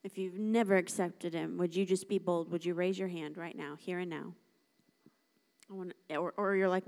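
A woman's voice: lowish voice, a little fast. Emphatic woman preaching a sermon. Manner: lively, emphatic and conversational, acting out dialogue. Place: church service.

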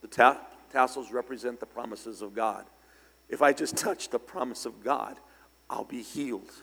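An older male pastor tells stories from the pulpit in an easy, conversational way, then breaks into loud, emphatic bursts. His voice sits at a middle pitch. A long reverb from a large church hall trails every phrase. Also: normal speed, creaky, slightly rough. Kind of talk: storytelling sermon.

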